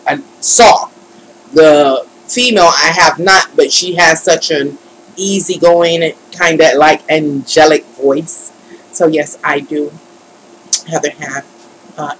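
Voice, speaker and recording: A woman's voice: low-pitched, a little hiss or hum, poor audio. A woman hosting a tarot livestream, frustrated and fussing and muttering to herself as she talks to her viewers. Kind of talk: live-stream chat.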